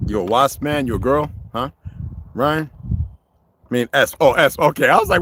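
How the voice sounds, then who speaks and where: A man's voice: medium pitch, slow pace, pauses often, a little hiss or hum. A man hosting a livestream, ranting with constant cursing and greeting viewers in the chat. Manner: confrontational, cursing, animated. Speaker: livestream host.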